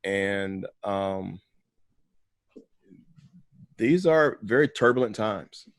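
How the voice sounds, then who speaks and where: A man who is a pastor, speaking in a measured, emphatic way in an earnest conversation and often repeating words. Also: fairly low pitch, animated, dry recording, studio quality.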